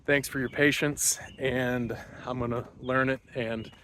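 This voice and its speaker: A man's voice: mid-range voice, steady tone, measured pace, bright, forceful tone. Male podcast host, casual rambling intro recorded while walking outside, slightly winded, faint background hiss. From Wisconsin. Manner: loose, rambling, many fillers. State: a little out of breath. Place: outdoors on a morning walk.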